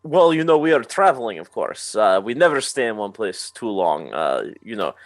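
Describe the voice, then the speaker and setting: A man's voice: lowish voice, very animated, moderate pace, dry recording, studio quality. A man voicing an orc traveling performer in a tabletop game, speaking in flowery, theatrical sales patter. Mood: smooth-talking.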